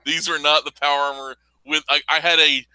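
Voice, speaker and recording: Casting: male podcast co-host, rambling and profane, very bright tone, dry close sound. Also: a little high, little pitch movement, a little fast, smooth, no echo, rough recording. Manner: rambling, laughs often, profane. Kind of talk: casual gaming chat.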